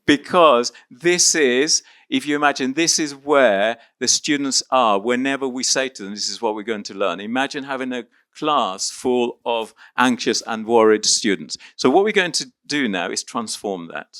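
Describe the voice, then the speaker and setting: Upbeat workshop presenter, a man from Argentina; smooth, crisp voice, dry close sound. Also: mid-range voice, normal speed, few pauses, fairly bright tone, dry recording. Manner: upbeat and encouraging, coaxing volunteers. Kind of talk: interactive live workshop.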